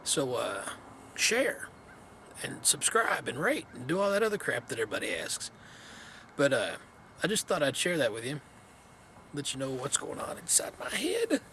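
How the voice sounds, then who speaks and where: A man's voice: mid-range voice, huge pitch swings, normal speed, pauses often, bright, forceful tone. A man vlogging outdoors in the cold wind, casually telling a story in a rambling, laid-back way with many fillers.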